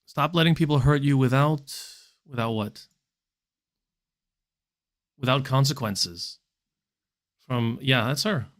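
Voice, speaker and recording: A man vlogging from home, musing casually and reacting to clips, with relaxed fillers. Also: mid-range voice, takes it slowly, pauses often.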